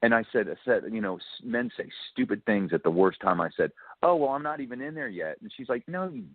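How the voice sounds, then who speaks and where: A chatty man calls in to a radio show and spins a long story, acting out every line of dialogue and breaking into laughter. His voice sits fairly low and sounds dry and tinny, as if squeezed through a phone line. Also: quick pace, no echo. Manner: chatty, animated storyteller who acts out quotes and laughs often. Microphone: telephone.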